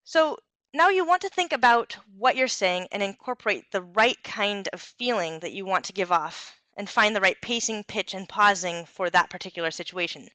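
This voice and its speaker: A young woman gives an instructional talk, clear and encouraging, with the occasional "um". Her voice is bright and crisp, recorded dry and close. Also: mid-range voice, animated, moderate pace, no room sound. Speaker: presenter giving a talk on communication skills.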